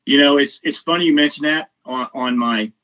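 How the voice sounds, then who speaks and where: A man's voice: on the high side, brisk, dull audio. A man guest on a podcast, chatting casually and effusively, rambling with lots of fillers. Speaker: comedian. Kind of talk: casual chat.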